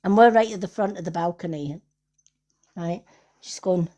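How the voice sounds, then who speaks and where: A middle-aged woman, hosting a live stream and telling an anecdote in a lively way. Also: lowish voice, normal speed. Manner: animated, acts out voices in her stories. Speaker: host. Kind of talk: casual storytelling on a live stream.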